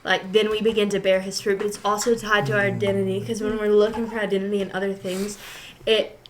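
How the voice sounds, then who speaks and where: A woman's voice: medium pitch, little pitch movement, quick pace. A young woman hosting a podcast in casual chat, giggly and easily losing her thread. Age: young adult. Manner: giggly, loses her train of thought. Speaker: podcast host.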